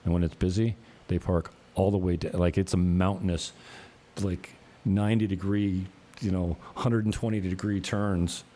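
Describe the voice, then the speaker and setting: Low mellow-voiced man rambling. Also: steady tone, normal speed, slight background noise. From Canada. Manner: rambling, profane, chuckles often. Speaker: realtor and channel host. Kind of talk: casual rambling vlog chat.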